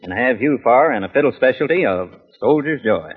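A man's voice: medium pitch, lively intonation, a little fast. A man hosting an old radio show, trading folksy scripted banter with his band and introducing request numbers. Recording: tinny old radio broadcast with long reverb.

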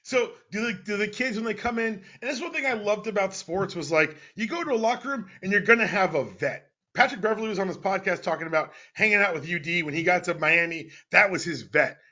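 A man in his thirties hosts a casual sports podcast with a high, bright voice. He teases and plays mock outrage. The audio is dull and lo-fi. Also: expressive, a little fast, hardly any pauses. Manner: playful, mock-indignant and joking. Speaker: podcast host.

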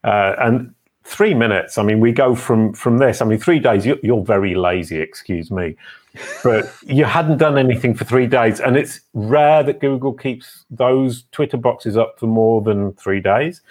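Man, show host, chatty, enthusiastic, teasing, mid-pitched voice. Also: unhurried, darkish tone. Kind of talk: casual online interview.

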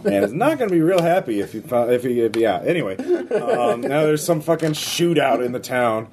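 A man's voice: a little high, big pitch swings, normal speed, crowd noise. A man running a tabletop role-playing game in a rambling, laid-back way, with frequent swearing. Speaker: game master. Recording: noisy recording.

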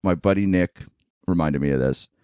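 A man's voice: low-pitched, normal speed, a little mellow, smooth, dry recording, studio quality. A man in his thirties, a comedian co-hosting a casual podcast chat, telling profane stories with frequent laughter. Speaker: podcast co-host and stand-up comedian.

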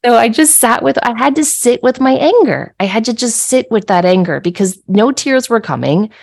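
A middle-aged woman hosting a podcast, telling a personal story in a conversational way. She is animated and laughs as she acts out her own yelling. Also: on the high side, moderate pace, creaky. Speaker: podcast host.

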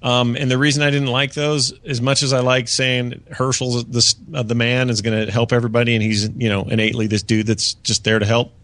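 A man's voice: medium pitch, level tone, brisk, hardly any pauses, fairly bright tone, dry recording. A man co-hosting a podcast in casual chat, rambling with many fillers and restarts. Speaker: podcast co-host. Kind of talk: casual chat reviewing a TV season. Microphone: podcast studio mic.

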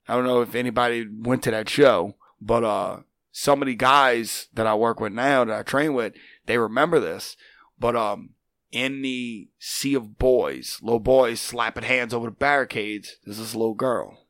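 Here the same kind of speaker, a middle-aged male wrestling trainer on as a guest, tells casual stories at a moderate pace with a medium-pitched voice. He's animated, voicing the quoted dialogue in different characters, and the studio-quality audio has no room sound.

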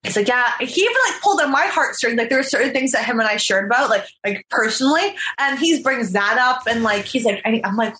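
A woman telling her story in a casual interview, animated and acting out what people said. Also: on the high side, fast, few pauses, slight background noise. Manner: animated storyteller, acts out quotes. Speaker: reality show contestant. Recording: echoey room.

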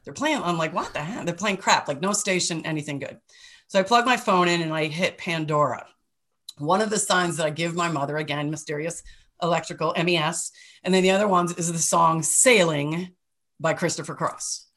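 A woman's voice: fairly low pitch, moderate pace, fairly bright tone. A middle-aged woman co-hosting a podcast, telling personal stories in a casual, emotional way, often laughing and swearing lightly. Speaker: podcast co-host. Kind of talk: casual storytelling chat.

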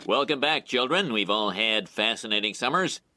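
A pompous cartoon principal. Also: male voice, on the low side, lively intonation, moderate pace, sharp tone, no room sound. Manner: pompous, fussy. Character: pompous middle-aged male school principal. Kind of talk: cartoon voice acting.

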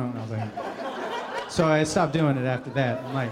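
A man's voice: mid-range voice, a little fast, a crowd in the background. A male voice actor telling stories at a convention Q&A, laughing often. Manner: laughing, animated storytelling. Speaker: voice actor guest at a convention panel. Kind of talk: casual convention Q&A.

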